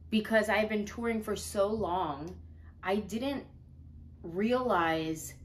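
A woman's voice: mid-range voice, takes it slowly. Chatty, slightly breathless woman vlogger. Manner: chatty, earnest, rambling. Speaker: comedian and video host. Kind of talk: casual talk to camera.

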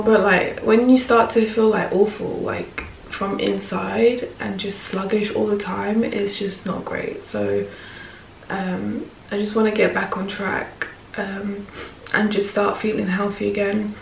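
A woman's voice: mid-range voice, vocal fry. A young woman, chatting casually to camera for her vlog, full of "like" and "honestly". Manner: chatty, peppers speech with "like" and "honestly". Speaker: vlogger. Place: at home. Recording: echoey room with light background noise.

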